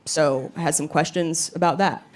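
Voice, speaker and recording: A woman's voice: sits low, steady tone, moderate pace. Woman doing punchy stand-up storytelling. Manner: punchy storytelling, acts out quotes, laughs at her own jokes. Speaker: stand-up comedian. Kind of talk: stand-up comedy set. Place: comedy club stage with live audience laughing. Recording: live club recording, audible room noise.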